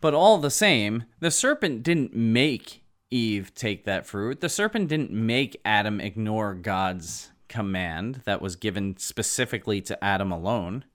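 A man preaching a sermon, earnest and emphatic, with halting asides. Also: lowish voice, expressive, fairly bright tone.

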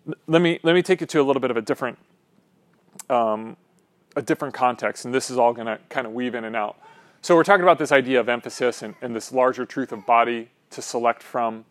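A man's voice: medium pitch, a little fast. Casual, rambling male pastor preaching. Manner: casual, rambling, frequent "um" and "right?". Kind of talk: conversational sermon.

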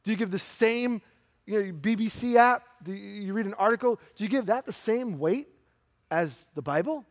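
A middle-aged man preaching a sermon in a church, conversational, asking rhetorical questions and slowing down for emphasis. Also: sits high. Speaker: pastor. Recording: long hall reverb.

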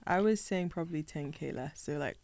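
A woman's voice: sits low, a little fast. A young woman, a recent bride and podcast guest, chatting casually and agreeing easily. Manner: relaxed, agreeable, short replies. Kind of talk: casual chat.

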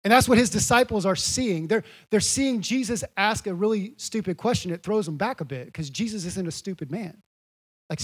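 High-voiced man preaching earnestly. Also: moderate pace, husky. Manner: repeats key phrases for emphasis; earnest, building to emphatic peaks. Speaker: pastor. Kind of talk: sermon.

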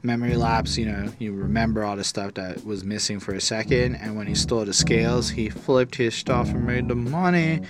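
A man's voice: medium pitch, brisk, few pauses, over loud music. A man co-hosting a casual podcast, rambling and joking with a loose, easygoing delivery. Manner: loose, rambling, joking, frequent "you know what I'm saying". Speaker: podcast co-host reviewing an album. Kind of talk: casual chat.

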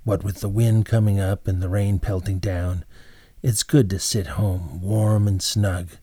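A man's voice: deep voice, level tone, a little slow, warm tone, slightly rough, no room sound. A man voicing a contented, plain-spoken old innkeeper.

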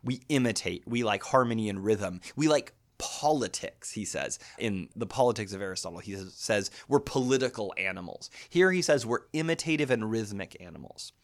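A man in his thirties lecturing on poetry as a literature teacher, thoughtful and animated, thinking aloud with small restarts. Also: fairly low pitch, moderate pace, hardly any pauses.

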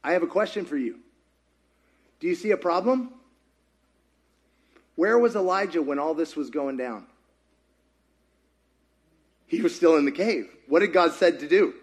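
Animated preacher, man with a high voice. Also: unhurried, long pauses. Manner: animated, rhetorical questions to the congregation. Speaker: pastor. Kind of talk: sermon.

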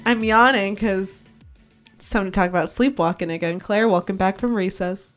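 Brief: young woman co-host, mid-pitched, joking asides, easy laugh. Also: brisk, soft background music. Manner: playful, laughs easily, chatty asides. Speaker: podcast co-host. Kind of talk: casual podcast chat.

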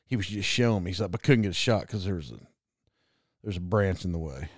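A man does a slow, bragging deer hunter for a comedy bit. The voice sinks low and soft, the words drawn out with relish. The recording is dry and close. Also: expressive, dry recording.

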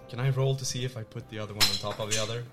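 A man playing in a tabletop role-playing game, joking around with the others. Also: mid-range voice. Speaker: player. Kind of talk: casual tabletop game chat.

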